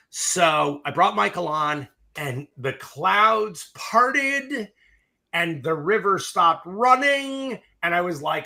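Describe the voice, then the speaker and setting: Speaking slowly in a fairly high, creaky voice, a middle-aged American film director from the East Coast spins stories during a relaxed interview. He's animated and swears freely, playing both parties in the conversations he recounts.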